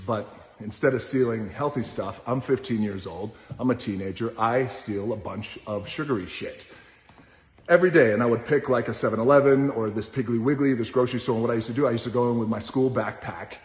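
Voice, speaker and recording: Man telling a lively story in a hall. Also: mid-range voice. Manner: lively storyteller who acts out other people's lines and swears freely. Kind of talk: casual anecdote. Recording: roomy hall with long reverb.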